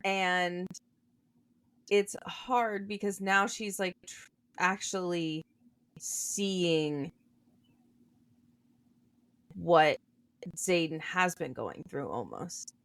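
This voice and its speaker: A woman's voice: lowish voice, drawn-out words, pauses often, a bit bright. A young woman co-hosting a podcast, chatting casually about a book and thinking her points through aloud. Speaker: podcast co-host.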